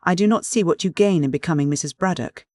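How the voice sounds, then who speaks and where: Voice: medium pitch, fast talker, a little mellow, no echo, studio quality, voice pushed up, close to an everyday voice. A reader voicing a cool, blunt young woman. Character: cool, frank young woman, engaged to be married. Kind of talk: audiobook dialogue reading.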